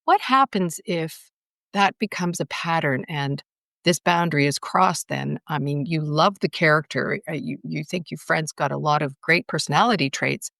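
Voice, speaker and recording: A woman's voice: low-pitched, moderate pace, creaky, fairly bright tone, dry recording, clean studio sound. A woman podcast host asking a thoughtful follow-up question, rephrasing as she goes. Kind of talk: interview questions.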